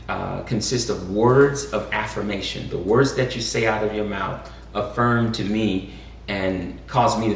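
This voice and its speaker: Man co-host, gravelly voice, measured and preacherly, picked up from a distance in an echoey room. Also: on the low side, a bit bright. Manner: measured, preacherly, rising with emphasis. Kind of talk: casual chat. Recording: echoey room, far from mic, faint noise.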